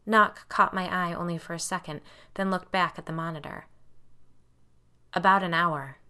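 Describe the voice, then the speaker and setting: A woman reading a first-person horror story aloud in a measured, hushed storytelling manner. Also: on the low side, fairly even intonation, smooth. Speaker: audiobook narrator.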